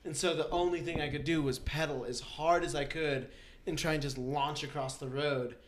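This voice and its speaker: A man's voice: a little high, moderate pace. A young man hosting a casual podcast chat, telling stories with lots of laughter and acted-out voices. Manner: laughing, animated storyteller who acts out voices. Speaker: podcast host.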